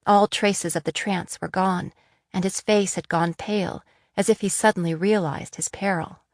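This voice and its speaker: A woman narrating a fantasy audiobook in a measured, steady reading. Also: mid-range voice, no room sound. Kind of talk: scripted narration.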